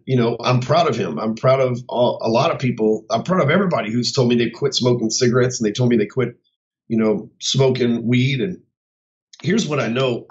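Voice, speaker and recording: A man in a middle register talks straight at you, blunt and full of swearing, with a swaggering, tell-it-like-it-is manner. The sound is dull and muffled, and he rambles casually in an office. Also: mid-range voice. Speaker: host of his own show. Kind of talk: casual unscripted monologue. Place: his office.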